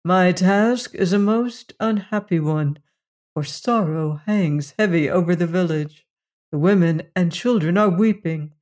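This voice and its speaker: Courteous alien villager, read by a storyteller, formal archaic speech, slow unhurried delivery, middle pitch. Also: a little mellow, natural voice. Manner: formal, old-fashioned ceremonial speech. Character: gentle alien village elder, courteous and sorrowful. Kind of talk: audiobook reading.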